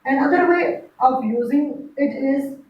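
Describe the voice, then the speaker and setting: A woman's voice: high-pitched, unhurried, darkish tone, a little hiss or hum. A woman teaching grammar in a lecture, repeating each example and checking with "right?". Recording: echoey room from far, dull lo-fi.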